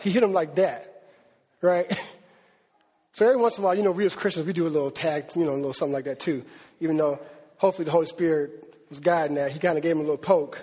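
A man delivers a casual, energetic sermon, slipping into slang and acting out the people in the story. His voice sits high and slightly husky, with long reverb from the hall around him. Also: quick pace, pauses often. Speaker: preacher. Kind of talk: lively conversational sermon.

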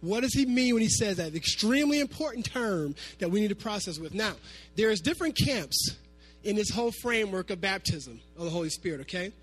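A man preaching a sermon to his congregation, animated, sometimes half-singing his phrases. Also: sits high, fairly quick, husky, faint music behind. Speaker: pastor.

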